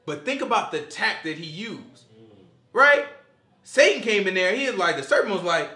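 A man leading a casual Bible study, animated and conversational, acting out the quotes he explains. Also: sits high, moderate pace. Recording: echoey room.

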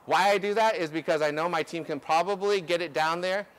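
A man coaching a group through drills outdoors, energetic and instructive, often checking in with "okay?". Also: fairly high pitch, brisk. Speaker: ultimate coach. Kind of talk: outdoor coaching clinic demonstration. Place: outdoor field.

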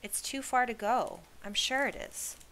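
Steady practical storybook boy, bright voice as a woman reads him. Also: fairly high pitch, measured pace, slight background noise, voice pushed up.

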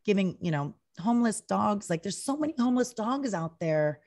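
A woman's voice: mid-range voice, normal speed. A woman, a retired wrestler, chatting in an interview, telling stories with acted-out quotes and lots of "like" and "you know". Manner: chatty, animated storytelling full of acted-out quotes; heavy use of "like" and "you know". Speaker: retired pro wrestler guest. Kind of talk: casual interview chat.

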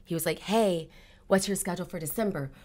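A woman's voice: fairly low pitch, brisk, darkish tone. A woman guest in a casual interview, animatedly telling a personal story and acting out her own past conversations.

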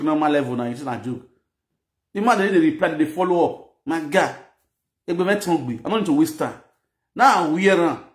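A man with a Nigerian Pidgin English accent, telling a personal story in an animated, mixed-language way. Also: a little high, roomy sound. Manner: animated, mixes Pidgin and Yoruba phrases. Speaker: social media presenter. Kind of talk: storytelling monologue.

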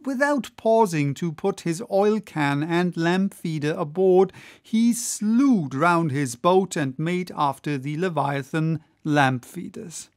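Slow, measured audiobook narrator. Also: mid-range voice, no room sound, clean studio sound. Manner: measured, unhurried reading.

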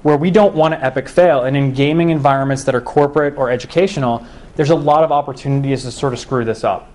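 A young education researcher gives a public talk on game-based learning to a live audience. His mid-range voice is a little mellow and quick-paced, and he speaks conversationally while putting questions to the room.

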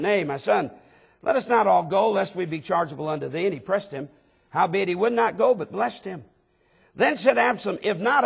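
A man preaching a sermon as pastor, reading scripture aloud and rising to emphatic near-shouts. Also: sits high, creaky, husky. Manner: reads scripture aloud in King James wording.

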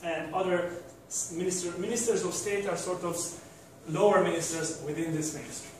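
A man's voice: high voice, fairly even intonation, a little fast, a little mellow. Man, university lecturer, hesitant with fillers, very reverberant hall, distant mic, faint room noise. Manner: hesitant, many fillers and restarts. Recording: very echoey room from far off.

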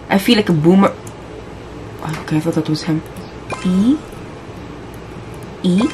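Her voice sits in the mid range, measured in pace with long pauses, as this young woman, a gaming YouTuber, plays a horror game and talks casually throughout. Scares make her jumpy, and she shrieks and exclaims when startled. The poor audio has a little hiss or hum.

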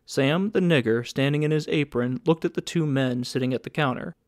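A man reading a story aloud as audiobook narrator, in plain, even storytelling. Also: mid-range voice, fairly quick. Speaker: audiobook reader. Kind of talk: scripted narration.

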